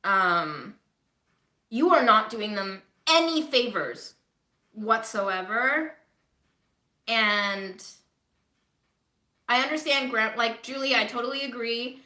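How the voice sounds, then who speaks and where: A woman chats candidly to her livestream viewers from her home kitchen, in an unhurried, drawn-out way. Her voice is very bright and sits a little high. The room is echoey around her. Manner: chatty, candid, swears casually. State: recovering from covid. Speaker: livestreaming vlogger. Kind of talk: casual livestream chat to viewers.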